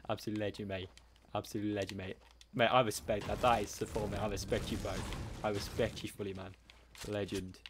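A man's voice: on the low side, flat delivery, fairly quick, background noise. Chatty man streaming a game. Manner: chatty, upbeat, calls everyone mate and bro. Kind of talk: live game commentary with viewer shout-outs.

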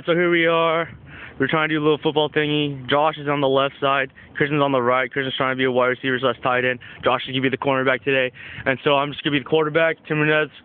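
A young man casually filming and narrating backyard football takes, joking and excited, outdoors by a house. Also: mid-range voice, fast, smooth. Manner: excitable, joking, announces each take. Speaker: quarterback filming backyard football with his cousin. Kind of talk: casual home video commentary. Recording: tinny lo-fi camera audio with faint hiss.

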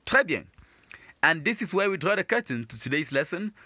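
A man's voice: a little high, sing-song, a little fast, bright, forceful tone, breathy edge, no room sound. A man teaching beginners, patiently repeating and explaining each phrase in a lesson. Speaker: French teacher.

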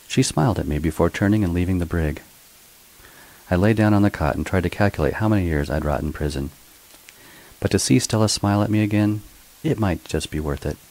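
A man's voice: deep voice, a little mellow, low-quality recording. A man narrating his own first-person story in a wry, sarcastic way. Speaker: author and narrator.

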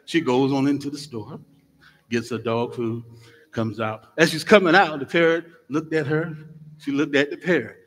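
A middle-aged man, a guest minister, opening his sermon with lively, joking stories for the congregation in a church. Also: mid-range voice. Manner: lively storytelling, jokes with the congregation. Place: church sanctuary. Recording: long church hall reverb.

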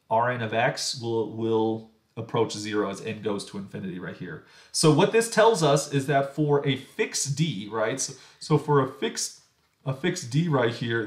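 A man's voice: medium pitch, echoey room. A man giving a recorded calculus lecture, explaining step by step and often repeating words as he works through the argument. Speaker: math lecturer.

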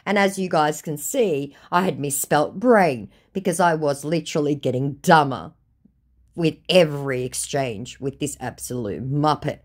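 A woman's voice: low-pitched, measured pace. An Australian woman narrating a chat in a mocking, exasperated, blunt way. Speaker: scam-baiting vlogger.

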